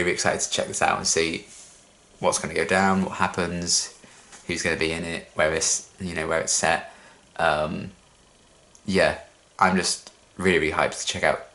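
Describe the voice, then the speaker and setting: Deep-voiced, excitable reaction host. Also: male voice. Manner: excitable, filler-heavy and chatty. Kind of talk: casual reaction commentary. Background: TV show audio playing.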